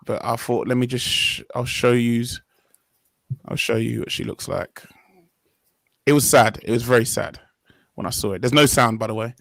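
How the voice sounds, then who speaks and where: A man's voice: medium pitch, no echo, low-quality recording. Young guy hosting a chat, earnest and rambly, dry close sound. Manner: rambling, self-correcting, earnest. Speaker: podcast host. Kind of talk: casual discussion.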